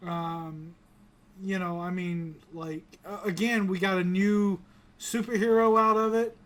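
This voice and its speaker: A man's voice: high-pitched, level tone, a little slow, fairly bright tone. A man from the American South hosting a casual pop-culture review chat, rambling with many restarts and casual swearing. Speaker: podcast host.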